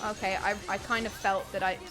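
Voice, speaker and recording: A woman streaming a video game live, chatting with viewers and swinging between quiet muttering and excited shrieks. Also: mid-range voice, a little fast, over music. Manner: chatty, thanks chat viewers by name. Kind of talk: live gameplay commentary.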